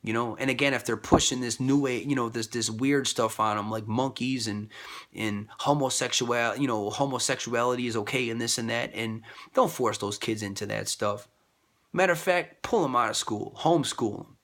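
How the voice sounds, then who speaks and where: A man giving a rambling casual monologue about faith and love, repeating himself and jumping high in pitch when he quotes others. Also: moderate pace, fairly bright tone.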